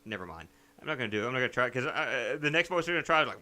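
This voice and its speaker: A man's voice: medium pitch, animated, rapid-fire, bright, forceful tone. A man hosting a let's play, chatting casually and reading game text aloud in a playful, self-mocking way. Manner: playful, self-mocking, breaks into silly songs.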